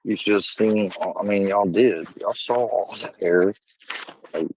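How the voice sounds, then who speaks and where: Deep-voiced man rambling on a stream. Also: measured pace, darkish tone, husky. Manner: rambling, loose and conversational. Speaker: livestream host. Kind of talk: casual livestream chat. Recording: slightly dull lo-fi stream audio.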